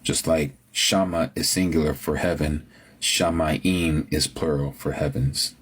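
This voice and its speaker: A man's voice: rumbling low, fairly even intonation, measured pace, breathy edge. A man hosting a livestream, chatting with viewers about word pronunciations and reading scripture aloud. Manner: muses over word pronunciations, answers viewers. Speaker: livestream host. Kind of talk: casual live-chat talk with scripture reading.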